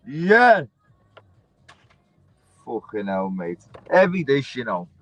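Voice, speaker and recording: A man's voice: mid-range voice, big pitch swings, very slow, fairly bright tone, dry recording, muffled recording. A man hosting a livestream, chatting casually and bluntly, swearing and calling everyone lad. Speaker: livestream host.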